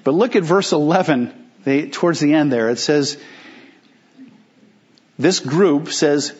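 A fairly high, husky-voiced man preaches in a loose, conversational way, slipping into listeners' voices for quick asides. The recording is muffled and lo-fi. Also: animated, a little mellow. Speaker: pastor. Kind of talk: sermon.

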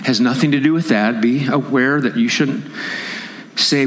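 At a conference, a pastor delivers an impassioned sermon in a mid-range voice at a moderate pace, building into emphatic raised appeals. The long reverb of the conference hall carries his words.

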